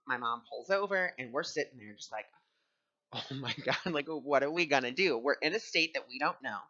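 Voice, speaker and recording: A man's voice: a little high, pushed and bright, dull audio. A man teaching on spiritual ideas and telling a personal story in an earnest, conversational way.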